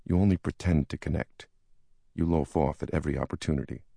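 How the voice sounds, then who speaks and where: A man's voice: a bass voice, fairly even intonation, brisk, creaky, mellow, no room sound, studio quality, heavily acted. A man voicing a big, charismatic senior stockbroker who speaks in a soothing, conspiratorial, crude way.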